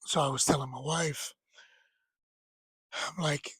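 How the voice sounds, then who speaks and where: A man's voice: fairly high pitch, slow pace, slightly rough, dry recording, poor audio. A man in his thirties casually recounting a story about a late friend, rambling, laughing and sometimes tearful. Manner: rambling, laughs while retelling, quotes friend in lively voices. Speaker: storyteller sharing grief.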